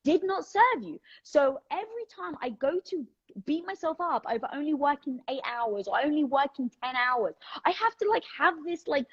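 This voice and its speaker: A British woman hosts a casual livestream from home on her phone, chatting energetically and candidly while answering viewer questions. Her high-pitched voice swings widely in pitch at normal speed, and the audio sounds dull.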